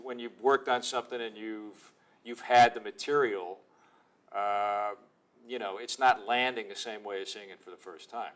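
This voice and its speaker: Low-voiced man, thoughtful and low-key. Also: a bit bright. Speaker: actor guest. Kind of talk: casual interview talk.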